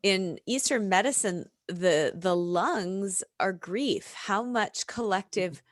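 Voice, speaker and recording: Slow, reflective American woman. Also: mid-range voice, no room sound, studio quality. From United States. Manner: reflective, unhurried, laughs often. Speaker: guest, yoga and reiki practitioner. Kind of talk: casual podcast chat.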